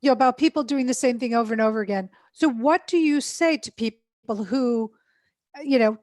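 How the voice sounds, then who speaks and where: A woman's voice: a little high, a little fast, a little mellow, dry recording. A woman hosting an interview over a video call, asking questions in a conversational, agreeable way. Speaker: show host. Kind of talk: interview chat.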